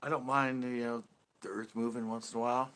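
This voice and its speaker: A man's voice: mid-range voice, level tone, brisk, fairly bright tone. A man from California, hosting a fishing channel in casual livestream chat, ranting loosely and swearing freely.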